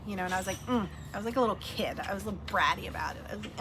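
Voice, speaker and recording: A middle-aged woman vlogger chatting casually and warmly about her weight loss, telling stories with lots of fillers and acted-out quotes. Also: mid-range voice, rapid-fire, few pauses, slight background noise. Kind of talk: casual heartfelt chat.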